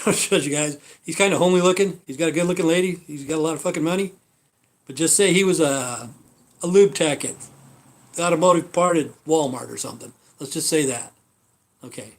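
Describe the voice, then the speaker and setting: A man hosting a livestream, ranting casually in a blunt, profane way with lots of repeated fillers. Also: fairly high pitch. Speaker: livestream host. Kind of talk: rambling casual rant.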